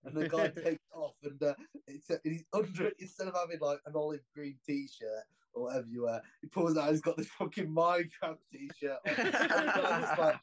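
A man's voice: fairly high pitch, normal speed, poor audio. A man in a casual podcast chat, telling a story in a rambling way and swearing often.

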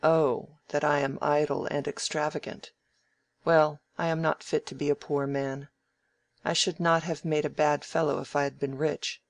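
A reader doing an emphatic, piqued young gentleman. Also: medium pitch, level tone, normal speed, no echo, close to an everyday voice. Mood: protesting. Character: idle, good-humoured young gentleman, easily piqued. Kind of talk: audiobook dialogue reading.

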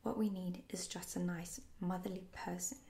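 A sure-of-himself boy hands out commands in a hushed whisper, as a woman voices him. This is a whispered role-play, with a faint gravelly grain in the breath. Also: on the low side, flat delivery, normal speed, reverberant. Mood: bossy. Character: cocky boy leader, bossy and sure.

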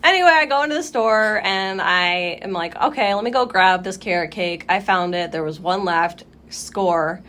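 A young woman co-hosting a podcast, telling a story in casual chat, animated, swearing freely and acting out her own reactions. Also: medium pitch, normal speed, hardly any pauses. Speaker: podcast co-host.

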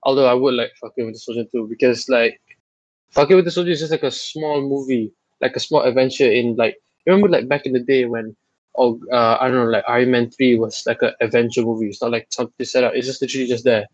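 A man hosting a podcast in casual chat, teasing and animated, with lots of fillers. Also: medium pitch, fast, no room sound, muffled recording. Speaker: podcast host.

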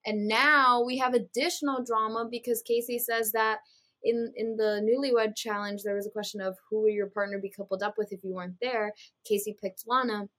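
A woman's voice: fairly high pitch, steady tone, brisk, a bit bright. A woman co-hosting a podcast, recapping a reality show in casual chat, full of "like" fillers and acted-out quotes. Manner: chatty, frequent "like" fillers, acts out quotes. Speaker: podcast co-host.

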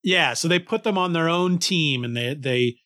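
Podcast cohost, male, voice on the higher side, casual and enthusiastic, lots of restarts. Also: normal speed. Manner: enthusiastic, lively, many restarts. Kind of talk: casual conversation.

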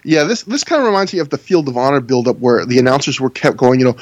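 A man's voice: fairly high pitch, expressive, quick pace, few pauses, no echo. Wry, sarcastic man, dry close mic. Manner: wry, sarcastic, laughs often. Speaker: podcast co-host. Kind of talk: casual chat reviewing wrestling.

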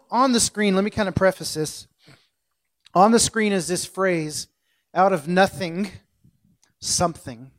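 A man with a fairly high voice preaches in a relaxed, conversational way. He jokes about his own mistakes and stops to correct himself, like he is talking to friends rather than a crowd. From central United States. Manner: jokey, self-correcting, loosely conversational. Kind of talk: casual sermon.

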